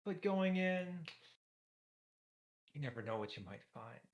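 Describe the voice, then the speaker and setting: A man playing his character in a tabletop game, speaking in a hesitant, measured way. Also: mid-range voice, very animated. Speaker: player.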